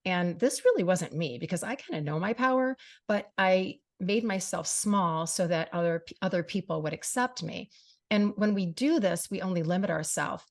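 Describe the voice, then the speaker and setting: Middle-aged female talk host, heartfelt and earnest, slightly low pitch, lots of "you know". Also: moderate pace. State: briefly tearful. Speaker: radio show and podcast host. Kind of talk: personal monologue to listeners.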